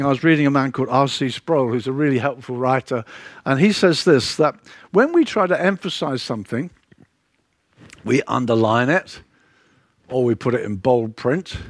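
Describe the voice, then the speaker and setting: An earnest male preacher delivering a sermon, his voice at a middle pitch that climbs for emphasis and sinks low on quiet lines. He leans on repeated words to drive each point home. The sound is dry and close, with no room echo. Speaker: pastor.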